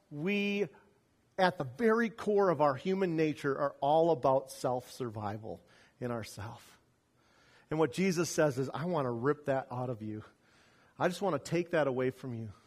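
A man preaching a sermon in a lively, animated way. His voice sits a bit high, and he leans hard on key lines, then drops low and quiet when he tells a story. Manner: storytelling with wide swings from loud emphasis to quiet asides. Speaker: pastor.

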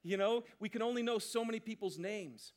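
A pastor preaches a sermon in a high, light voice. He is animated and jokey, and he keeps asking the congregation questions. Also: brisk. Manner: animated, joking, asks the crowd questions.

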